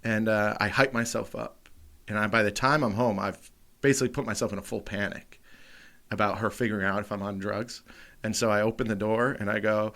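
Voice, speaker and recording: A man co-hosting a comedy podcast, telling a wild story in a loud, animated, profane way. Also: lowish voice, a little fast. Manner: animated, profane, acts out quotes loudly. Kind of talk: casual storytelling chat.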